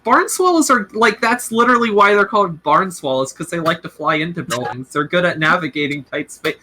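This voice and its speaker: A woman's voice: on the low side, expressive, fairly quick, pushed and bright, slight background noise. A woman playing a tabletop role-playing game with friends, chatting casually with many "likes" and talking eagerly about birds. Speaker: player.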